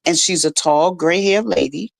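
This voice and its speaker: A woman's voice: lowish voice, normal speed, gravelly, no echo. A middle-aged woman, a radio guest, telling a personal story in an earnest, emotional way. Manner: earnest, emotional, restarts often. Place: radio studio.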